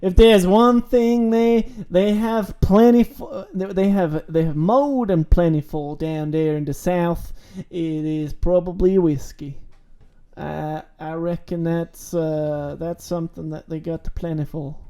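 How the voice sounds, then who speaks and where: A man chatting as a podcast co-host, slow and halting with plenty of restarts. His voice is mellow and soft-edged. He speaks in a relaxed, unhurried way. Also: on the high side, smooth. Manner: halting, full of restarts and laughter. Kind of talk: casual chat.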